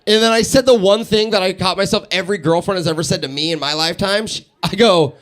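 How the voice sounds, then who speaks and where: A man doing a stand-up set in a radio station's live studio, animated and laughing at his own jokes. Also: high-pitched, quick pace. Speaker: stand-up comedian.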